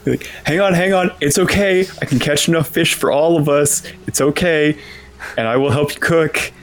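Easygoing man, calming tone. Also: a little high, moderate pace. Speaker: player. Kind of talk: tabletop role-play.

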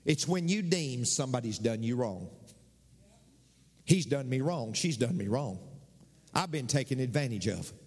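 Emphatic preacher, ringing hall. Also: male voice, sits high. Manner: emphatic, repeats key phrases, tells jokes, questioning the audience with "Amen?". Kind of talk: sermon. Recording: long reverb of a large hall.

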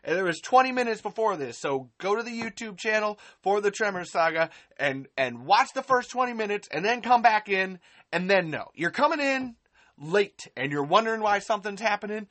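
A podcast host on a live stream rants angrily and sarcastically, swearing heavily and repeating herself for emphasis. Her medium-pitched voice is animated and fairly bright, moving at a moderate pace.

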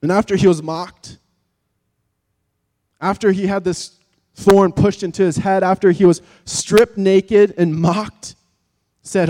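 Male preacher, fairly high voice, dramatic sermon delivery that drops to a hush, long hall reverb. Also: fairly even intonation, takes it slowly, pauses often. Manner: vivid, dramatic, swings from loud emphasis to hushed tones.

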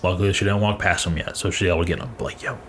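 A very low-voiced man in an easygoing podcast conversation, agreeing with his co-host and swearing casually. Faint hiss sits under his voice. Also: racing. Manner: laid-back, profane, sympathetic. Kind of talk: casual chat.

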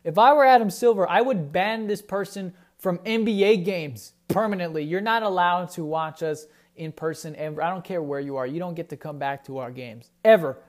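Male sports ranter, high voice, heated and indignant, repeats points. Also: normal speed, few pauses. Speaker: sports commentator. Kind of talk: opinionated sports talk monologue.

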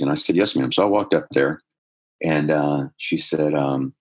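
A middle-aged man with a husky voice, earnestly telling a personal story in conversation, growing more animated as he goes. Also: very deep voice, normal speed. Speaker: guest telling his life story.

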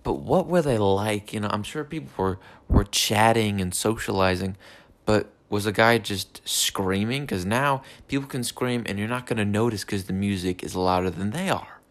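A man's voice: on the low side, moderate pace, no room sound. Rambling, profane young man ranting. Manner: meandering, profane ranting with many fillers. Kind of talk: rambling casual monologue. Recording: faint background noise.

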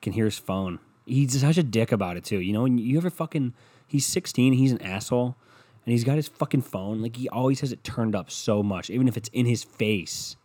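A man's voice: medium pitch, fairly quick. A young man hosting a podcast at home, ranting casually with lots of swearing and rambling asides. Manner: profane, rambling, loud. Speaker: podcast host. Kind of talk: casual rant monologue. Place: room at home.

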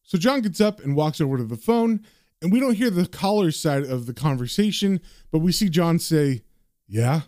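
A man's voice: fairly high pitch, expressive, normal speed, a little mellow, no echo, clean studio sound. A man casually narrating a comic book, chatty and conversational, with frequent fillers.

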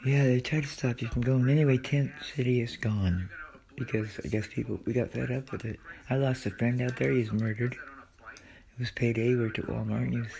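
A man's voice: mid-range voice, steady tone, moderate pace, creaky, a little mellow. A man hosting his own podcast, talking in a rambling, scattered, confessional way in a casual monologue. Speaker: podcast host. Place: friend's house in the country.

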